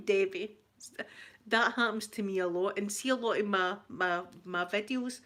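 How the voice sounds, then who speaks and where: A woman's voice: mid-range voice, a little slow, a bit bright. A woman with a Glaswegian Scottish accent chatting casually on a live stream, laughing often and repeating herself as she answers viewers. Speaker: ASMR channel host answering live chat.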